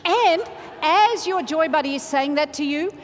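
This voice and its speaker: Woman, motivational speaker, high voice, big hall echo, energetic and coaxing. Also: unhurried, a little hiss or hum. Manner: energetic, exclamatory, coaxing the audience. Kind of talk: motivational keynote speech. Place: large conference hall. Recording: reverberant hall, faint ambience.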